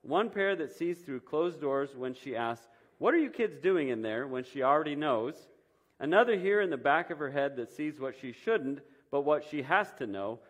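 A man's voice: fairly high pitch, animated, moderate pace. A man voicing the Lord as a patient, proud Creator in a story he reads aloud, explaining with fond pride. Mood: earnest. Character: patient, proud male Creator building mothers.

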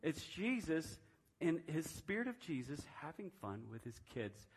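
Fifties man telling a sermon story, higher voice. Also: big pitch swings, measured pace, breathy edge. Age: 50s. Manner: conversational storytelling with frequent restarts; self-described reserved personality. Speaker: preacher. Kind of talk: sermon testimony.

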